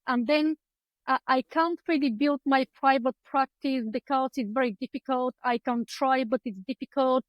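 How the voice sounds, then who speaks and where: A woman with an Eastern European accent talks on a video call from a book-filled room at home. Her voice sits high, and the sound is close and dry. She tells her story chattily, filling gaps with ums and playing out her own past thoughts. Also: fairly even intonation, moderate pace, no echo, lo-fi sound. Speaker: guest, clinical psychologist. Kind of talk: conversational interview storytelling. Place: home room lined with books.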